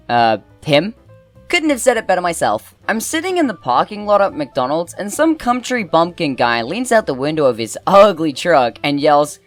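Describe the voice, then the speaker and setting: A woman's voice: medium pitch, very animated, normal speed, dry recording. A woman hosting a channel, reading funny posts aloud with sarcastic commentary and big, exaggerated reactions, with faint music behind her. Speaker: host and narrator.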